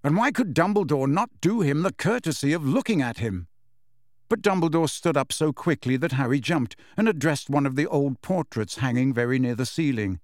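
Lively-voiced male audiobook narrator. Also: a little high, moderate pace, no room sound, studio quality. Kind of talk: scripted narration.

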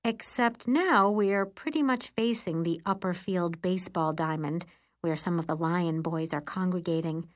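A woman reading a first-person story aloud as an audiobook narrator, measured and even. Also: fairly low pitch.

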